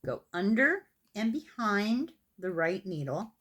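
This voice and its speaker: An older woman with an Irish accent, gently talking viewers through a knitting tutorial step by step, patient and a little self-deprecating. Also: fairly low pitch, sing-song, a little slow, long pauses. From Ireland. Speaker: knitting teacher.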